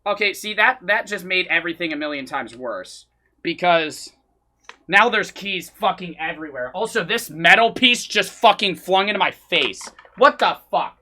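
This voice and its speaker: A young man tells a story from his streaming life, and his voice swings between loud outbursts and grumbles. His tone is bright and forceful. The room sound is dry and close. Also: high-pitched, moderate pace, no room sound. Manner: swearing, excitable, acts out quoted voices. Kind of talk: animated storytelling vlog.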